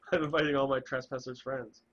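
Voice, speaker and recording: A man streaming a game, chatting in a rambling, self-interrupting way while hoarse from a cold. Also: mid-range voice, little pitch movement, measured pace, a bit bright, muffled recording. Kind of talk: casual chat while gaming.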